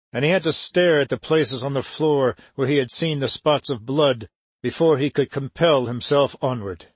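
A man narrating an audiobook in a steady, even reading. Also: mid-range voice, no room sound. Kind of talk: scripted narration.

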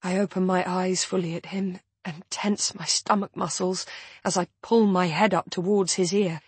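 A woman narrating a first-person novel in a measured, intimate storytelling manner. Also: lowish voice, steady tone, breathy edge, no echo. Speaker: audiobook narrator.

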